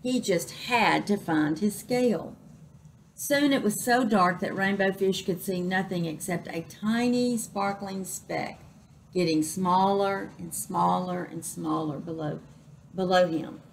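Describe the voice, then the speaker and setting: A woman reading a children's picture book aloud as a librarian, slow and expressive. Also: mid-range voice, vocal fry, slight background noise, rough recording. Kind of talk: children's story read-aloud.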